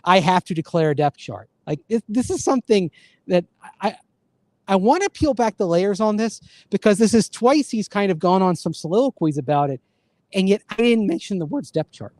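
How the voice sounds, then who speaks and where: A man co-hosting a sports talk show, speaking a little higher than most men in a close, dry studio sound. He rambles, stammering and restarting his thoughts as he chats casually. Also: animated, moderate pace, darkish tone, no room sound. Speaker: sports radio co-host.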